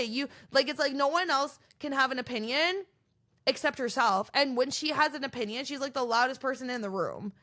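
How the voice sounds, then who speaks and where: Young woman chatting away on her pod, animated and gossipy, high bright voice. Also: brisk. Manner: animated, gossipy, acts out quoted contestants. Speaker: podcast host recapping reality TV. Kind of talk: casual chatty recap.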